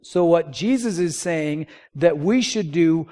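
Male pastor, slightly high voice; conversational sermon with call-and-response. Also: expressive, slow pace, few pauses, mellow. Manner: conversational preaching with rhetorical questions and call-and-response.

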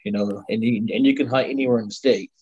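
A middle-aged man tells a hunting story in a loose, rambling way, leaning on "you know" between phrases. His voice sits at an ordinary middle pitch. The recording sounds a little dull and lo-fi. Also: steady tone, quick pace, darkish tone, slightly rough. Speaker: guest storyteller. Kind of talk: casual spoken hunting story.

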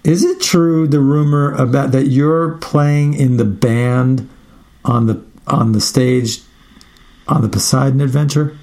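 Slow, gravelly-voiced male host. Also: medium pitch, steady tone, a little mellow. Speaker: radio show host. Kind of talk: casual interview.

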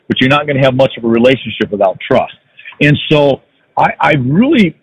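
Older man, husky reflective storyteller. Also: medium pitch, poor audio. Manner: reflective storytelling with frequent restarts. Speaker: podcast guest, sales professional. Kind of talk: casual podcast conversation.

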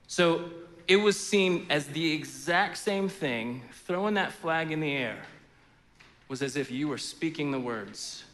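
A man preaching a sermon as pastor in a church sanctuary, in a conversational, animated way with frequent fillers. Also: fairly high pitch, measured pace, big-room sound, a little hiss or hum.

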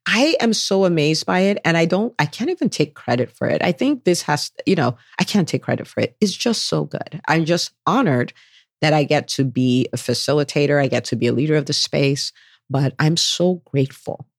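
A woman's voice: low voice, lively intonation, moderate pace, gravelly, no echo. Gushing woman podcast host, dry close sound. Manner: enthusiastic, gushing, acts out quoted people. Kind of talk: solo podcast monologue.

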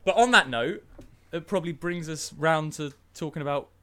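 A man's voice: fairly high pitch, moderate pace, a bit bright, clear, resonant tone. Casual co-host: man, rambling, laughs a lot, plenty of ums. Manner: rambling, filler-heavy, laughs often. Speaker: podcast co-host, battle rapper. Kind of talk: casual chat.

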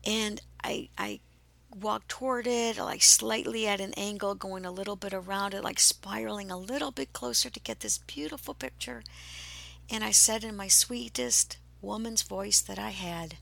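A woman podcast host telling a personal story in a slow, hushed way, often dropping into a whisper. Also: mid-range voice, creaky.

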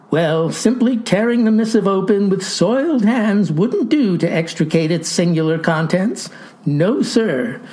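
Florid old farmer spinning a yarn. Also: male voice, high voice, darkish tone. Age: older. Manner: grandiloquent, verbose, mock-formal. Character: pompous old farmer narrating in florid speech. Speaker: storyteller. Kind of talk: comic monologue.

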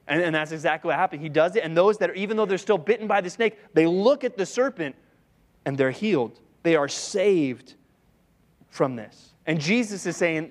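A man preaches to a church congregation in an easy, conversational way. His voice sits a little high. He peppers his talk with rhetorical questions and briefly slips into voices to act out what people say. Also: animated, moderate pace. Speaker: pastor. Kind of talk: sermon.

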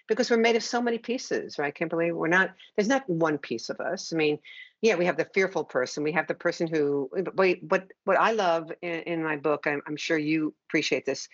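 A woman hosting a conversation, talking warmly and reassuringly about her teaching. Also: sits low, dry recording. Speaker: host and teacher. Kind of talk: conversational interview. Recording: dull lo-fi dry sound.

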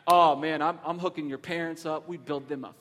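A man in his thirties delivers a sermon from a church stage, his voice sitting high. He tells stories animatedly and leans into points with rising emphasis. A long reverb from the sanctuary trails every phrase. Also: steady tone, brisk, a bit bright. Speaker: pastor.

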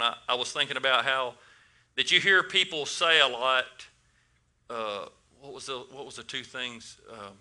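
A man with a medium-pitched, pushed and bright voice preaches a casual sermon to a congregation. He asks them questions and often repeats his words.

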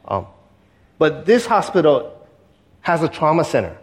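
A man's voice: a little high, very animated, breathy edge. Earnest man preaching. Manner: earnest, conversational, with many fillers and restarts; drops quiet and slow at heavy moments. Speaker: pastor. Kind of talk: sermon storytelling.

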